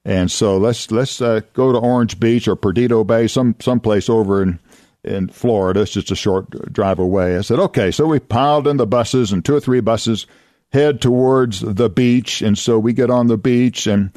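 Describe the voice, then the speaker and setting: A man's voice: mid-range voice, fairly even intonation, normal speed, a little mellow, dry recording, studio quality. An older man from Oklahoma, a radio host and former youth minister telling folksy anecdotes, chuckling and acting out voices. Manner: chuckling, acts out voices in his stories.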